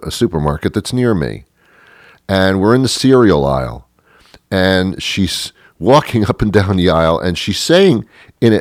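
A man's voice: on the low side, dry recording. A man, a radio host, delivering a rambling, sarcastic, exasperated comic monologue into a close studio mic. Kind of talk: comedic monologue.

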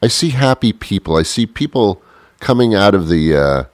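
Deep-voiced male host, rambling comic monologue, chuckly, dry close sound. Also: moderate pace, no echo. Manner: chuckling, self-interrupting, animated impressions.

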